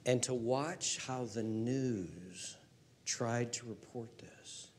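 A male pastor preaching a sermon, swinging from loud emphatic rises to hushed near-whispers and repeating phrases for emphasis. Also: mid-range voice.

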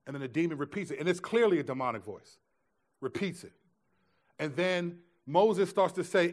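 Speaking at a moderate pace in a slightly high voice, a male pastor preaches a sermon and tells a story with energy, casual slang, and frequent restarts.

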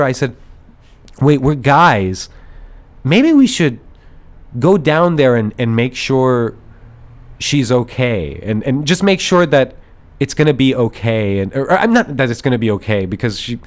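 A man's voice: medium pitch, a little slow. A man hosting a podcast, telling a story in a casual, rambling way, acting out the voices of other people and laughing as he goes. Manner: animated, rambling storyteller who acts out voices and laughs often. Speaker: podcast host.

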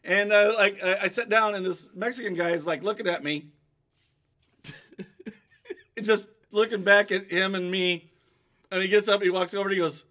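A man's voice: sits high, fairly even intonation, moderate pace, long pauses, bright, forceful tone. A man in crude, casual podcast banter who tells stories and drops into silly impressions.

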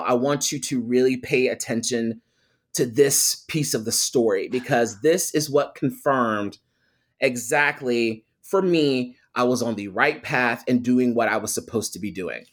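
A young adult man, a guest telling a personal story with lively quoted voices. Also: medium pitch, a little slow. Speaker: guest, photographer and attorney. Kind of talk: storytelling in a podcast interview.

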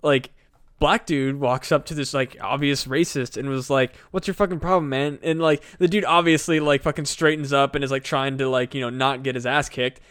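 A man's voice: medium pitch, moderate pace, clean tone, no room sound, studio quality. A man co-hosting a casual podcast a few beers in, rambling and swearing through a heated rant. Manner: rambling, profane, animated rant. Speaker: podcast co-host. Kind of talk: casual chat.

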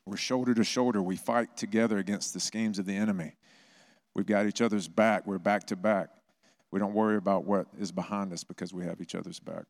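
A man's voice: lowish voice, brisk. Man preaching a storytelling sermon. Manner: conversational, storytelling, animated bursts. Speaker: pastor. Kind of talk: sermon with personal stories.

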